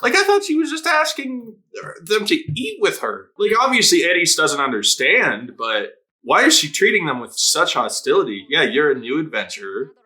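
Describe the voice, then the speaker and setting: A man with a slightly high, sing-song voice and a sharp tone, speaking at normal speed, hosts an anime reaction video. He chats in a casual way, laughs frequently, swears, and performs characters' lines.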